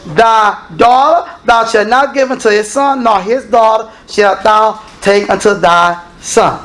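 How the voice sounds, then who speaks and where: A man preaching a sermon, firing questions at the congregation and swinging from low asides to shouted exclamations. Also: steady tone, measured pace. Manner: calls and questions aimed at the congregation.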